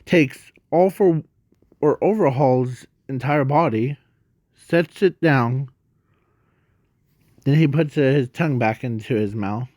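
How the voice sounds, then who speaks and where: A man narrates a made-up fan story, rambling and halting and often stopping to correct himself. He speaks extremely slowly, in a middle-pitched voice. The sound is dry, with no room echo. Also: darkish tone.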